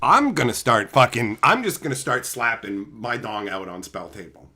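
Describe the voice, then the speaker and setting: A man from Canada hosting a livestream, ranting at viewers with heavy swearing, sarcasm and shouted outbursts. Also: mid-range voice, animated, moderate pace. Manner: mocking, sarcastic. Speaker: livestream host.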